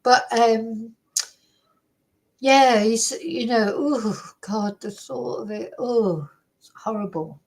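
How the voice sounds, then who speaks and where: On the high side and a little mellow, her voice comes slowly, with frequent pauses, over a rough recording from a desk computer mic. She runs a true crime channel and chats ramblingly to viewers, leaning on "you know" and tag questions.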